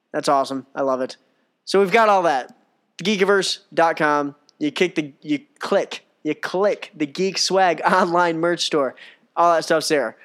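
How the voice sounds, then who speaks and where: A man's voice: a little high, a bit bright. A man hosting a solo wrestling podcast, joking at his own expense and rambling in a casual, self-mocking way. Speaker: podcast host.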